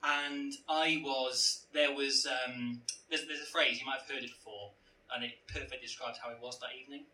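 A man's voice: medium pitch, steady tone, normal speed, few pauses, bright, forceful tone, echoey room, far from the mic, rough recording. A young man telling a rambling, self-mocking comic story to friends on a podcast. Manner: rambling, self-mocking, stumbling over words for comic effect. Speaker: podcast co-host. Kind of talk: comedic storytelling among friends.

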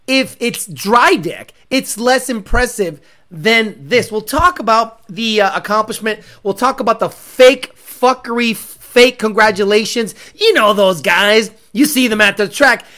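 A man hosting a casual livestream, profane and loud, congested and short of breath. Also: sits high, a little slow. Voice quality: profane, loud and brash, shouts sponsor names. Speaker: car-scene livestream host.

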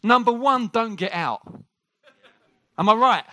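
A man preaching a sermon to a congregation. He jokes with the room and talks in an animated way. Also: sits high, unhurried, no room sound, clean studio sound.

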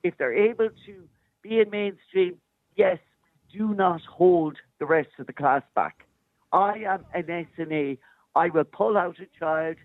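A woman's voice: on the low side, measured pace, dry recording. A woman calling in to a radio show, a special needs assistant speaking passionately and insistently. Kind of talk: phoned-in radio debate. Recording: tinny phone line.

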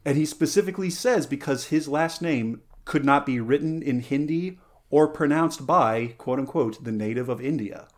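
A man's voice: a little high, moderate pace. A man hosting a casual podcast chat, playful and rambling, with lots of fillers, self-corrections and side tangents. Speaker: podcast host.

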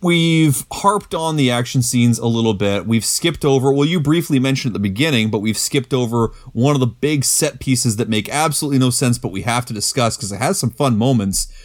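Male co-host, movie podcast, mid-pitched, relaxed recaps, dry humor. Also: brisk, few pauses. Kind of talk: casual movie review chat.

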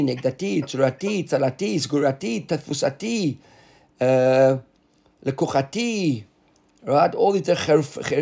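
A man teaching a Talmud class, explaining quickly and repeating words as he reasons aloud. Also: a little high, creaky, darkish tone, slightly rough.

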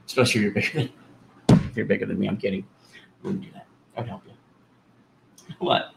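A man's voice: on the low side, fairly even intonation, fast talker, gravelly, pauses often, noisy background. A man co-hosting a casual podcast, trading sarcastic, profane wisecracks. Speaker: podcast co-host. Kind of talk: casual chat.

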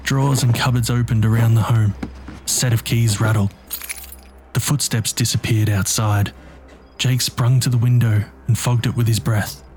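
A man narrating a dark story in a tense, measured, scripted delivery. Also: mid-range voice, fairly even intonation, slight background noise.

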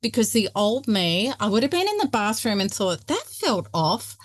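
A woman, a guest expert, talking emphatically and passionately in an interview, telling her story with lively emphasis. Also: mid-range voice, moderate pace, no room sound. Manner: emphatic, passionate, often acting out quoted voices. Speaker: guest expert on narcissistic abuse.

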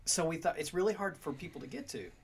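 A man's voice: on the high side, sing-song, a little hiss or hum. A man chatting casually on a podcast, setting up a story and handing it to a friend. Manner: quick, chatty, hands off the story.

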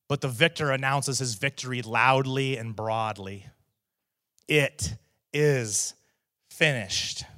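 Conversational pastor preaching with loud bursts. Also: male voice, medium pitch. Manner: conversational, restarts and asides to the congregation; builds to loud emphatic proclamations on key phrases. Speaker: teaching pastor. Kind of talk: sermon.

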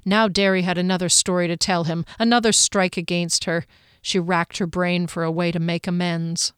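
A woman reading a fantasy novel aloud in measured scripted narration, lightly voicing the characters. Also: on the low side, little pitch movement, a bit bright, clean tone, no echo, clean studio sound. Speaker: audiobook narrator.

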